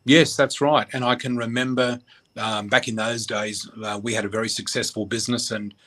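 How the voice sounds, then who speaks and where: A middle-aged man from Australia, a radio guest, telling a personal story in a halting, emotional way with many fillers. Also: mid-range voice, little pitch movement, sharp tone.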